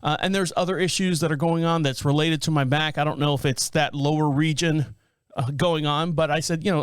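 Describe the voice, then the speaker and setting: A middle-aged man hosts his podcast in a casual, rambling monologue. He circles back, restarts his sentences and leans on fillers. His voice sits a little high and sounds dry and close on the microphone. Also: fairly even intonation, brisk, smooth, dry recording. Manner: rambling, full of fillers and restarts, self-described scatterbrained. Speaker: podcast host.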